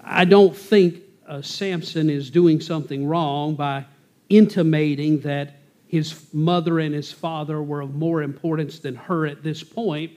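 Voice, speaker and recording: Casting: male Bible teacher, somewhat high voice, folksy and conversational, explaining each verse plainly. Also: darkish tone.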